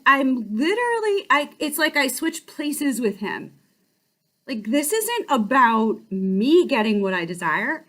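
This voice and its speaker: A woman who hosts a life-coaching channel, telling a personal story in a casual, animated way with quick restarts. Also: on the high side.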